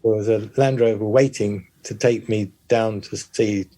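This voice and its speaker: An older man from the United Kingdom, a former pilot, chatting in an interview in a hesitant, halting way with many restarts. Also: fairly low pitch, fairly even intonation, mellow. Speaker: guest, former RAF bomber pilot. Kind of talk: casual interview chat.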